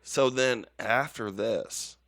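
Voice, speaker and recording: A man's voice: mid-range voice, slow, fairly bright tone, no echo, clean studio sound. A man co-hosting a casual podcast, rambling and swearing as he laughs through his stories. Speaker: podcast co-host.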